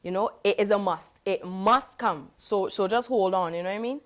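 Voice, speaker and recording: A woman reggae singer, reflecting in a relaxed, casual interview. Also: medium pitch, normal speed. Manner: relaxed, reflective, with many "you know" fillers.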